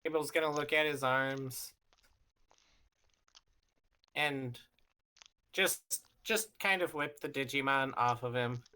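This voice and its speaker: Slow halting guy player, takes his time. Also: medium pitch, bright, forceful tone, clear, resonant tone. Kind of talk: tabletop game play, casual.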